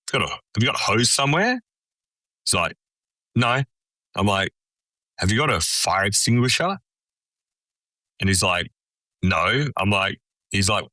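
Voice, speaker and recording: A man's voice: lowish voice, dry recording. A man with an Australian accent, a chef telling a story as a podcast guest, swearing freely and acting out the dialogue. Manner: swears freely, animated anecdote with quoted dialogue. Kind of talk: casual storytelling chat.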